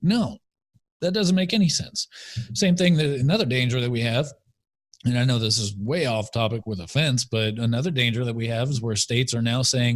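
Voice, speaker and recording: A man co-hosting a podcast, speaking at a middle pitch. He argues his points in an opinionated way, often asking "right?" to drive them home. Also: moderate pace. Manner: opinionated, argumentative. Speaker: podcast co-host. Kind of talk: casual chat. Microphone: studio mic.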